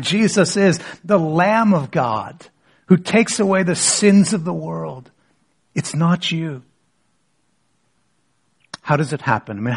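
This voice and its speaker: A man's voice: a little high, slightly rough. A man preaching a sermon as pastor, asking rhetorical questions and leading the congregation in reading scripture aloud.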